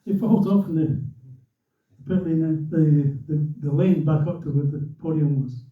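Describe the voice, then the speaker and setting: An older man, a former racer, telling a lively story to a club audience and acting out the voices of the people in it. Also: a little high, normal speed. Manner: animated, acts out quotes and a commentator's voice. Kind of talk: anecdotal storytelling. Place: club room. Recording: echoey hall from far off, dull lo-fi.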